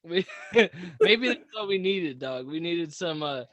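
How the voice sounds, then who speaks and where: A high, bright-voiced man hosts the podcast, jumping in with excited asides. His voice swings widely in pitch as he talks. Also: a little slow. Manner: excitable, laughing, chiming in. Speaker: podcast host. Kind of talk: casual chat.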